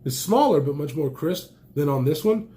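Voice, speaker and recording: A knife and gear reviewer unboxes knives and flashlights in a casual chat, rambling enthusiastically and exclaiming often, sounding a bit stuffy from allergies. His voice is slightly high, animated, and mellow, at a moderate pace.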